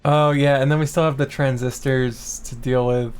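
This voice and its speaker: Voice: mid-range voice, steady tone, moderate pace, hardly any pauses, smooth. A tired streamer chatting casually while working at a computer, muttering to themself, humming little sound effects, and grumbling and swearing now and then. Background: faint background music.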